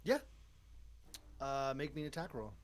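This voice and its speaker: An upbeat man running a tabletop game as dungeon master, his pitch swinging freely as he narrates and cheers on his players. He speaks at an everyday middle pitch and keeps things encouraging. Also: lively intonation, normal speed.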